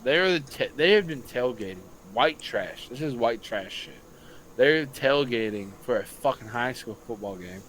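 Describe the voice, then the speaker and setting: A young man, a high school football coach, telling a long story on a casual late-night podcast, swearing freely and acting out what others said. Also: normal speed, a little hiss or hum. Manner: profane, animated storytelling.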